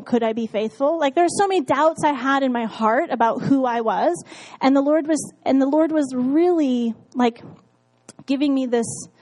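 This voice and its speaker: A woman's voice: sits high, a little mellow, low-quality recording. A married woman casually telling her faith story, candid, with frequent fillers and laughs. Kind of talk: casual testimony talk.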